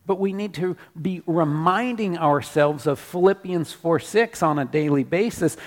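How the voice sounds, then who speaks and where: A man preaching a sermon as pastor in a church, animated, repeating his declarations. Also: a little high, a little slow, few pauses, big-room sound.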